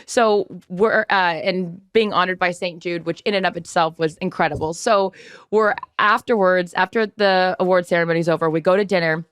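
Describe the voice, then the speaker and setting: A woman in her thirties co-hosting a podcast, telling animated stories in casual chat. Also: fairly low pitch, moderate pace, smooth, no room sound, clean studio sound. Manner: animated storyteller, mimics others' voices in anecdotes. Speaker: podcast co-host.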